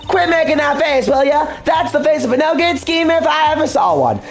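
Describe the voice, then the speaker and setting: A man voicing a pushy female photojournalist in a put-on Southern accent, with fast accusing twang, in a fan dub of a video game. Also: very high voice, expressive, soft background music, pitched above the performer's own voice. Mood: brash. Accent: put-on American Southern.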